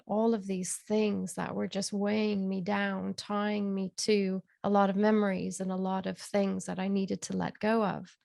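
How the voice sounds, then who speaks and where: A woman's voice: mid-range voice, level tone, measured pace, gravelly, few pauses, darkish tone, no echo, clean studio sound. A woman guest telling a personal story of grief in a candid, reflective way. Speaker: interview guest.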